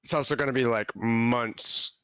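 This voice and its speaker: A man's voice: mid-range voice, fairly even intonation, normal speed, pushed and bright, smooth, no echo. A man chatting casually as a player at a tabletop game, rambling and restarting his thoughts. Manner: rambling, hesitant.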